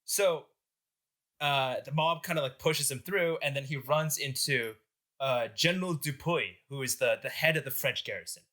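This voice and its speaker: A young man hosting a podcast, telling a history story with animated jokes and lots of filler words. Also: mid-range voice, moderate pace. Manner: animated, joking, filler-heavy. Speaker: podcast host. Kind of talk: casual history storytelling among friends.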